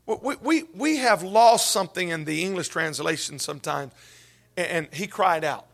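A man preaching a sermon as pastor, swinging from hushed whispers up to shouted, tearful peaks. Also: sits high, animated, moderate pace, gravelly.

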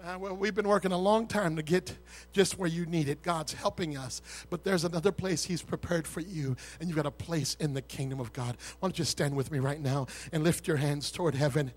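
A man pastor preaching a sermon with an altar call, swinging between shouted fervor and hushed, intimate words. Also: on the high side, a little fast.

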